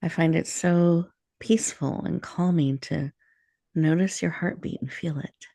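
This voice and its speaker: A woman host with a low, gravelly voice leads a calm guided breathing meditation. She speaks slowly and invitingly, in a soothing tone. The sound is dry and close. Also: dry recording. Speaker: radio show host.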